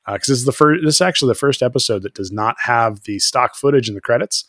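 A man co-hosting a podcast, casually recapping a TV episode, laughing often and acting out characters in quick voices. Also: medium pitch, fairly bright tone, no echo, studio quality. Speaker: podcast co-host.

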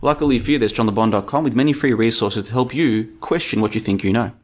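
A man hosting a live-stream podcast, talking casually and reading chat, with an animated, rhetorical way of speaking. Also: medium pitch, fast talker. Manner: chatty, animated, rhetorical questions.

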